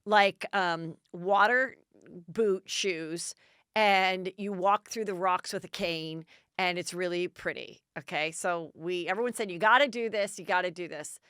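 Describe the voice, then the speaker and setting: A woman's voice: fairly low pitch, a little slow, a bit bright, clear, resonant tone, no echo, clean studio sound. A middle-aged woman podcast host telling a story in a casual, chatty way and acting out the dialogue in bursts.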